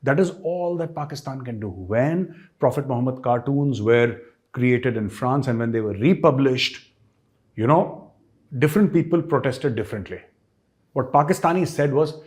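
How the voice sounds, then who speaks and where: A man's voice: medium pitch, moderate pace, darkish tone. Emphatic Indian man with sarcastic commentary. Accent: Indian English. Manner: emphatic and sarcastic, with rhetorical questions. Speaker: host, political commentator. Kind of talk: opinion commentary.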